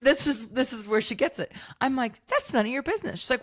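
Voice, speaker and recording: A woman in her thirties co-hosts a podcast, swapping stories in casual chat with a fairly high, sing-song voice. She talks briskly with few pauses, acts out the quoted dialogue, and swears freely.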